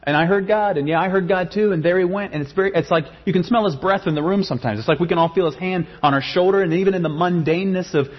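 A man's voice: high voice, quick pace, hardly any pauses, muffled recording. A man preaching a sermon in an earnest way, often repeating words and rising into passionate pleading. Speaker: pastor.

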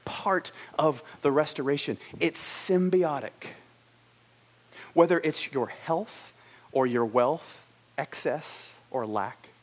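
A man preaching a sermon in a slightly high voice. He tells stories with animated energy and briefly acts out the characters' lines. For reflective points he drops to a soft, slow delivery.

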